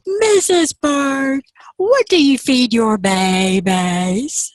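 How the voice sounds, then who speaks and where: A woman voicing a polite, curious mother frog in a storytelling performance, stretching her words in a slow, wide-mouthed drawl. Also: high-pitched, no echo, pitched above the performer's own voice. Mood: polite asking.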